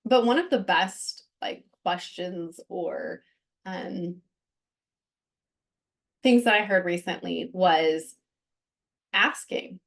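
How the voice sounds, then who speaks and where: Hosting a podcast, a woman speaks candidly and earnestly about her own experience, full of fillers and restarts. Her lowish voice is slow and creaky, with long pauses.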